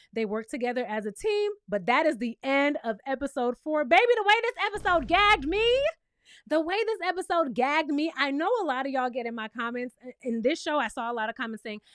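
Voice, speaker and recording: A woman's voice: sits high, dry recording. A woman giving casual, sassy commentary as she recaps a reality TV show, talking straight to her viewers with lots of emphasis. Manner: acts out quotes in exaggerated voices. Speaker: TV recap reviewer.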